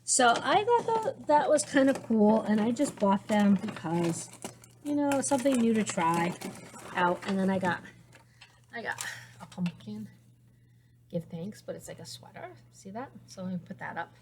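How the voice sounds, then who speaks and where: A woman's voice: medium pitch, lively intonation, normal speed, darkish tone, slight background noise. A woman hosting a knitting podcast, chatting casually in a rambling way, full of restarts and fillers as she shows off her craft supplies at home. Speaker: teacher. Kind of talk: casual show-and-tell chat.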